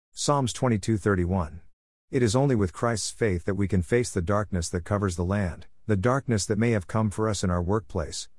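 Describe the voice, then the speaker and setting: Earnest man reading with a low, dry voice. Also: a little mellow, no echo. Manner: measured, earnest delivery. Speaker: reader. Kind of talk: reading a devotional essay aloud.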